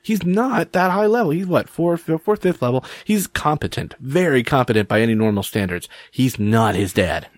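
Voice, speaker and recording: A middle-aged man musing through a podcast chat with an animated, rambling delivery. His pitch sits in the middle. The recording is dry and close. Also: normal speed, hardly any pauses, dry recording. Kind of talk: casual chat.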